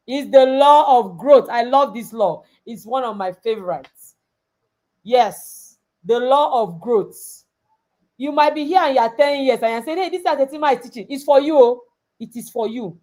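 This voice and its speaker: Her voice is a little high and somewhat mellow as this coach addresses girls online in a motivational summit talk. She speaks emphatically, returning again and again to her key phrases.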